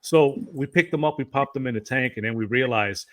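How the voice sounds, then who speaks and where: A man hosting a casual chat, easygoing and relaxed as he tells stories. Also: mid-range voice, a little fast, dry recording.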